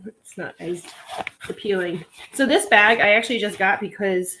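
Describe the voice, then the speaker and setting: A woman talks her way through a home live stream in a loose, rambling manner, filling gaps with easy fillers as she sorts clothes. Her voice sits at an ordinary middle pitch. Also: normal speed, sharp tone, slight background noise. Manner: chatty and rambling, with many "like" fillers. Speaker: online reseller hosting a live stream. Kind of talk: casual live-stream chat while sorting items. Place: at home, sorting a pile of clothes.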